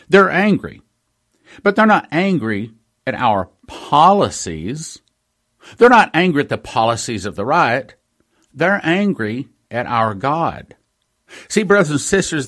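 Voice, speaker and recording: A man's voice: fairly high pitch, a bit bright. A man preaching an emphatic spoken sermon, repeating phrases and acting out the voices he quotes.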